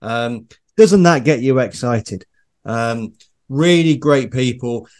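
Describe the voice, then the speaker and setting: A man, a racing writer, chats as co-host with a wry, teasing edge. He gets warmly enthusiastic about the stables he discusses. His pitch sits in a middle range. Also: animated, slow. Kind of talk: casual chat.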